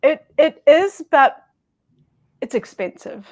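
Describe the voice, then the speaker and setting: A woman's voice: sits high, takes it slowly. Chatty New woman, light voice. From New Zealand. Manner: chatty, laughs easily, lively storyteller. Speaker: guest quilting YouTuber. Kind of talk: casual chat.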